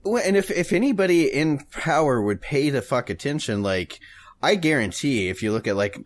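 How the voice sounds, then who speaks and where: A man's voice: medium pitch, lively intonation, normal speed. A married man co-hosting a podcast, chatting casually, laughing often and swearing freely. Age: adult, married. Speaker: podcast co-host. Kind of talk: casual rambling chat.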